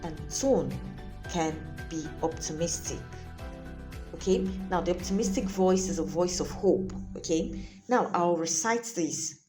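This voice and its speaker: A woman's voice: fairly low pitch, mellow. A woman teacher giving a lesson, explaining points carefully, repeating them and checking in with her listeners. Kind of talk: classroom lesson on literary tone.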